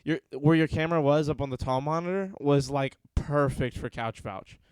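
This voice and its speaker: A man with a Southern US accent hosting a casual podcast chat, telling stories in an animated way and laughing often. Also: a little high, normal speed, smooth, no echo. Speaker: podcast host.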